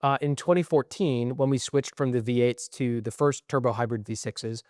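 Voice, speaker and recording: A man's voice: medium pitch, steady tone, moderate pace, darkish tone, dry recording, clean studio sound. A young man co-hosting a podcast in casual chat, ranting in a profane, frustrated way. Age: young adult. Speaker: podcast co-host.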